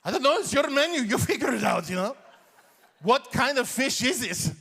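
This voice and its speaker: Man putting on a shouty stubborn old immigrant dad. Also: very high-pitched, animated, moderate pace, pitched above the performer's own voice. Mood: indignant. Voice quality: shouty, indignant. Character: excitable immigrant father, older man, stubborn. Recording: long hall reverb on stage.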